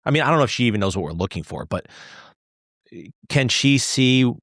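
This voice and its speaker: A man at a gaming table, asking questions and checking details as he goes. His pitch swings widely and his voice is mid-range. The sound is dry and close, with no room sound. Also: a little fast, no echo. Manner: asks questions, unsure, animated. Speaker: player. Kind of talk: casual tabletop chat.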